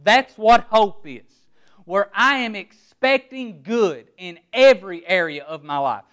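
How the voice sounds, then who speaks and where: A middle-aged man preaching a sermon, with emphatic word-by-word stress and rhetorical questions, often dropping to a quiet, low voice on key words. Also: lively intonation, unhurried. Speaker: pastor.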